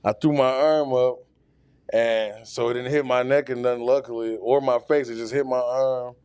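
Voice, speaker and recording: A man's voice: medium pitch, steady tone, normal speed, a little mellow, clear, resonant tone, no room sound. A man telling a long, profane, rambling story as a podcast guest, full of fillers. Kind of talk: casual storytelling. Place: podcast studio.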